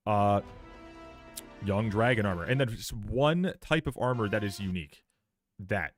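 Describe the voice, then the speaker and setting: A man streaming live, reacting to a game trailer in sarcastic, profane commentary, often repeating words and restarting his sentences. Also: on the low side.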